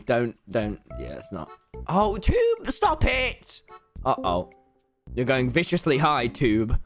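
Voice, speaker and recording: A young man commentating on his own live game stream, excitable, laughing and yelling often and repeating himself. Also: medium pitch, slow, faint music behind.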